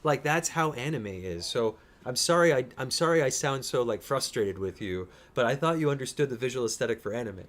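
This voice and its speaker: A man's voice: medium pitch, expressive, brisk, few pauses, a bit bright. Eager, rambling man reacting to a show. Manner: enthusiastic, rambling, teasing. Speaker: reaction streamer. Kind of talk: casual reaction chat.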